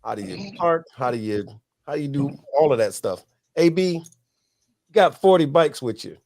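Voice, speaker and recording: A man's voice: fairly high pitch, expressive, normal speed, darkish tone. A man hosting a casual podcast chat, a motorcycle club member telling loose, profane stories about riding in a pack.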